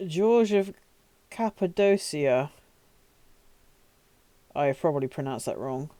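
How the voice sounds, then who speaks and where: British streamer rambling and cursing away, smooth clear voice, dry close sound. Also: medium pitch, lively intonation, slow, pauses often, mellow, no echo. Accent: British English. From Britain. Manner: rambling, swears often, self-mocking asides. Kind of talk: casual live-stream chat.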